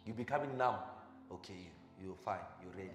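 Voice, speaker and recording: A man preaching as a pastor. He quizzes the congregation with short questions, then gives quiet instructions during a live demonstration. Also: deep voice, brisk. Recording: echoey hall with music behind.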